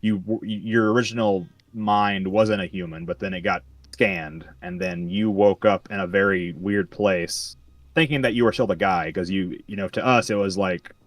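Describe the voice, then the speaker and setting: Casual male streamer, low voice, rambling storyteller, sits back from the mic. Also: steady tone, normal speed, recorded from a distance. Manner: rambling, restarts, laughs along. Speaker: gaming streamer. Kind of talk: casual chat while gaming.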